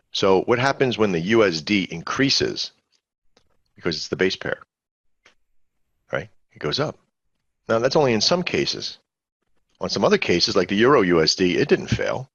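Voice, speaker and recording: A man's voice: deep voice, a bit bright, slightly rough, no room sound, highs cut off. A man hosting a live trading webinar, talking in a rambling, conversational way and quizzing his audience. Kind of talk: casual live webinar teaching.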